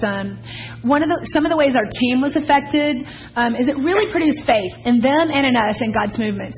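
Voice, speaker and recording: A woman's voice: a little high, highs cut off. A woman, leading a church mission team and sharing enthusiastic, rambling testimony with a congregation.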